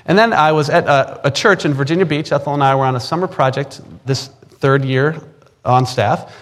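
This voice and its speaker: Earnest Midwestern preacher man, higher voice. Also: moderate pace, fairly bright tone. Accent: Upper Midwest American. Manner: earnest, emphatic, repeats words when stressing a point. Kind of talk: personal testimony sermon.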